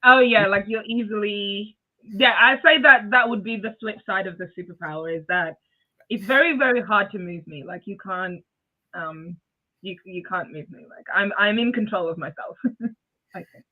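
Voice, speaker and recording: A woman with a soft voice that cannot be raised, talking casually as a guest. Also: mid-range voice, normal speed. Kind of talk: casual conversation. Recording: phone-like video call audio.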